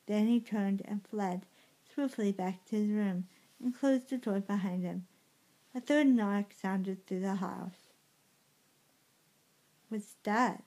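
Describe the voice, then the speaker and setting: A woman reading a story aloud in a halting way, often slipping and correcting herself. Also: medium pitch, warm tone, low-quality recording. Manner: halting, with frequent slips and self-corrections. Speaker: reader.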